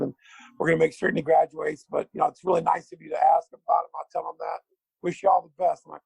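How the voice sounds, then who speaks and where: A middle-aged man, a former basketball player, telling a long anecdote with lively acted-out quotes. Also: on the high side, fast talker, vocal fry, husky, dry recording, poor audio. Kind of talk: animated storytelling.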